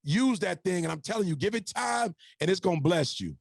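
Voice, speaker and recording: A man's voice: sits high, expressive, a little fast, creaky, no room sound. A man and podcast guest telling his life story in a punchy, preacher-like motivational style, speaking to the audience as y'all.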